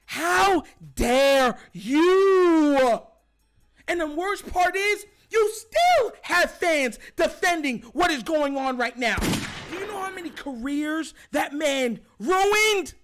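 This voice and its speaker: A man hosting a sports talk show, ranting heatedly and shouting his points over and over. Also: very high voice, expressive, slow, soft background music. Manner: fired-up, shouting, repetitive emphatic. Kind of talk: heated sports commentary rant.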